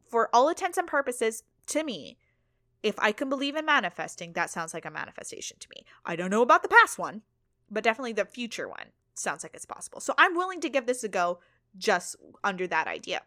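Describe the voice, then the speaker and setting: Female podcast host, bright tone, dry close sound, candid and loose. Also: medium pitch, no echo. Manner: candid, swears freely, laughs at herself. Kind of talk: casual solo monologue.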